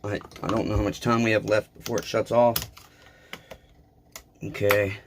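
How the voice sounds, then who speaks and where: A man with a lowish voice talks through a chainsaw repair at his workshop bench. He is blunt and self-deprecating and keeps drifting into rambling asides to his viewers. His delivery stays fairly flat, with faint noise behind him. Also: normal speed. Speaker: small engine repair vlogger. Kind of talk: casual talk while repairing.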